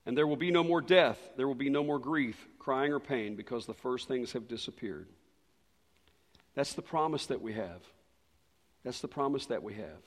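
An older man preaching in a church sanctuary, his voice trailing off in a long hall reverb. He tells a story with lively swings from loud, rising bursts down to hushed, intimate asides. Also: mid-range voice, moderate pace. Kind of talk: sermon with personal story.

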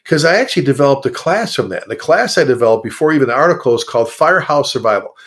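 Casting: middle-aged fire chief, lively storyteller, mid pitch, pops into high mocking voices. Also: male voice, very fast. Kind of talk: casual podcast conversation.

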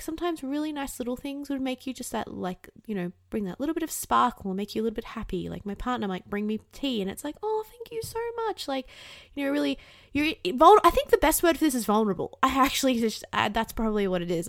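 A woman's voice: high voice, dry recording, clean studio sound. A young woman giving casual, candid advice to the camera. She swears freely and acts out the voices in her head. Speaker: self-help vlogger.

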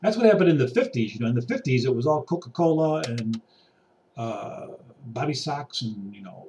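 This vlogger's rant to camera is exasperated and preachy, and he paces around a room, shifting from muttering to raised outbursts. He has a mid-range, dark voice with lively intonation at a moderate pace. The mic sits far from him, and slight background noise is present.

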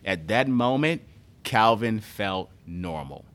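A man who leads a children's charity, speaking as a guest and telling stories in an earnest, animated way. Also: medium pitch, takes it slowly, creaky. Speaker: nonprofit CEO and guest. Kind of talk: conversational storytelling.

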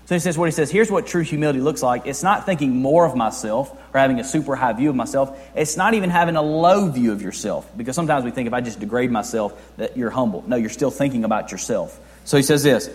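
A young man preaching a sermon as a pastor, talking conversationally with rhetorical questions and swinging between soft and loud. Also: mid-range voice, expressive, quick pace, hardly any pauses. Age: young adult. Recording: long reverb of a large hall.

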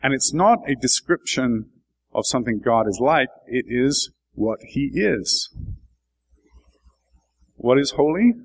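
A man preaching a sermon and explaining his text in a reflective teaching manner. His voice sits at an ordinary middle pitch, and he rises into emphatic, lifted stretches before settling back down. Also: expressive, slow pace, pauses often, low-quality recording. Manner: thoughtful, explanatory, builds to emphatic bursts.

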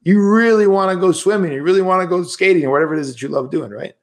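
A man with a slightly higher-than-average voice lectures as a priest. He talks in a loose, conversational way, pressing his points home with emphasis and rhetorical questions. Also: fast. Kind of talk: livestreamed spiritual lecture.

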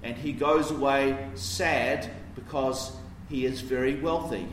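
Preaching a sermon, a man explains things conversationally and puts questions to his listeners. His medium-pitched voice stays fairly even and slow, with a little hiss or hum. The recording is roomy, with a distant mic and faint ambience.

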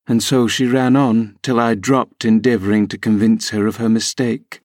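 A man reading a classic novel aloud in measured, even scripted narration. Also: lowish voice, dry recording, clean studio sound. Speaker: audiobook reader.

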